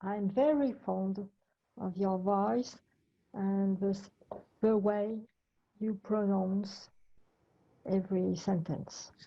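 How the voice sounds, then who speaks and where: A woman's voice: mid-range voice, fairly even intonation, slow pace, vocal fry, long pauses, mellow, dull audio. A woman with a French accent on a video call, speaking hesitantly and restarting words. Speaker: group participant.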